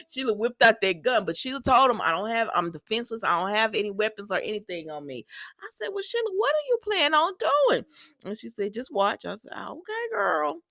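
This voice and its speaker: A woman recaps a soap opera in casual, animated talk, laughing often and acting out the quotes in lively voices. Her voice sits at a medium pitch, recorded at studio quality with no room sound.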